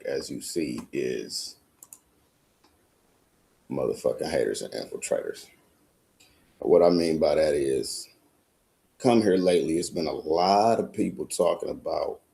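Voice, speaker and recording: Late-night host, man, very deep and gravelly, blunt and cussing. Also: mellow. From United States. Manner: blunt, profane, emphatic. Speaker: podcast host. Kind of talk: casual monologue.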